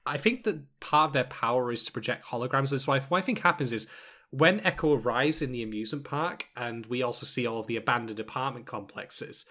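A man's voice: mid-range voice, fairly quick, sharp tone. A man co-hosting a podcast in casual chat, jokey and swearing freely. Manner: jokey, swears, does mock voices. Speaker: podcast co-host.

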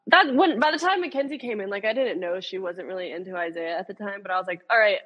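A young woman and reality show contestant chatting casually in an interview, bubbly and quick to giggle. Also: medium pitch, dull audio. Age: young adult.

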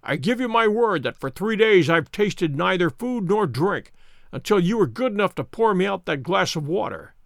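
Man reading as a wry, brisk detective. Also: high-pitched, big pitch swings, gravelly, a bit bright, no echo, clean studio sound, full character voice. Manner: brisk, ironic, lecturing. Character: brilliant, wry male detective, recovering from fasting.

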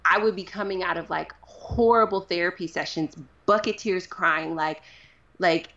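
Woman guest, casual chatty delivery, slightly low voice, muffled lo-fi sound. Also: normal speed. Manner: animated, uses many fillers like "like". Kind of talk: casual interview talk.

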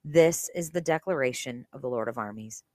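A woman's voice: very deep voice, moderate pace, a little mellow, no room sound. A woman hosting a Bible reading podcast, reading scripture aloud and stopping to comment in an earnest, conversational way full of fillers. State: briefly emotional.

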